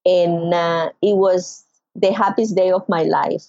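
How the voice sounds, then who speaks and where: A woman's voice: slow pace, creaky, no echo, muffled recording. A middle-aged woman from Venezuela with a Venezuelan Spanish accent, a podcast guest telling an emotional personal story and acting out quoted voices. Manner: expressive, acts out quoted voices with big pitch jumps.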